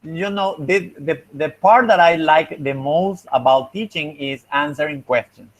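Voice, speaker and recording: Slow, patient teacher with a Spanish accent. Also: male voice, on the high side, low-quality recording. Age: young adult. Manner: slow, patient explaining with repeated examples. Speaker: phonetics teacher. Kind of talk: online class feedback.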